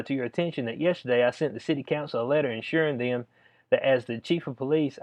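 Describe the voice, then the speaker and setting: A man giving casual spoken commentary, reading a letter aloud and reacting in a drawling, conversational way. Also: medium pitch. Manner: drawling, conversational, addresses listener as "bud". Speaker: video commentator. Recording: dull lo-fi sound.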